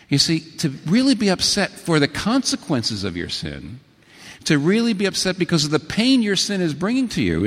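A middle-aged man preaching a sermon as pastor, telling stories and quoting scripture with sudden swings between low, hushed phrases and raised, emphatic ones. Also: breathy edge. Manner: animated storytelling with sudden pitch swings and quotations. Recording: long hall reverb.

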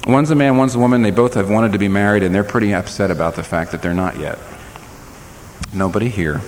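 A man preaching a sermon as pastor, talking to his congregation with animated delivery and shifting into the voices of the people he quotes. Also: fast. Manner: animated preaching, voices quoted speakers with sharp pitch swings. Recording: reverberant hall, faint background noise.

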